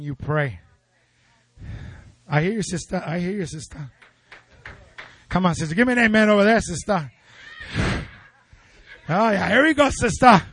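A man's voice: high-pitched, dry recording. A man preaching a fervent sermon in a church, calling out to the congregation. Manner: fervent, call-and-response with congregation.

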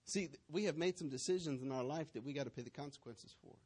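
A male pastor with a somewhat high voice preaches a sermon. He tells stories and acts out the voices and scenes in them. He keeps putting questions to the congregation. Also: fast talker, darkish tone, slightly rough.

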